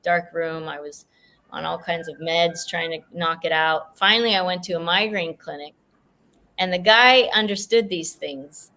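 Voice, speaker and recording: A woman's voice: on the low side, fairly even intonation, normal speed, bright, forceful tone. A woman hosting a podcast interview, chatting expressively and telling a personal story. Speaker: podcast host. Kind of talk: podcast interview, casual chat.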